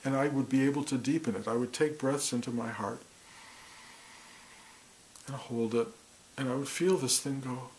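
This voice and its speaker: Guy talking soft and slow about meditation stuff, mid voice, bit of hiss. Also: medium pitch, fairly even intonation, rough recording. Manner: slow, soft, intimate, drops to near whispers. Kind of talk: reflective spiritual talk.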